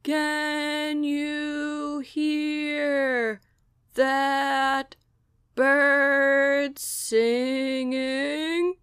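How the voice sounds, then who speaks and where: A woman doing a very slow gentle sloth. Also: high voice, level tone, no room sound, clean studio sound, voice pushed up, full character voice. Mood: dreamy. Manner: drawn-out, very slow speech.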